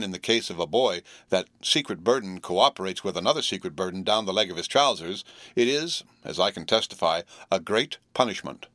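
Low-voiced male audiobook narrator. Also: fairly bright tone, no room sound, studio quality. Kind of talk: scripted narration of a classic novel.

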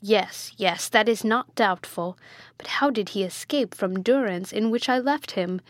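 A woman's voice: mid-range voice, measured pace, dry recording, studio quality, natural voice. A woman voicing an agitated, guilt-stricken male prince in a storybook reading, exclaiming frantic questions. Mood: angry.

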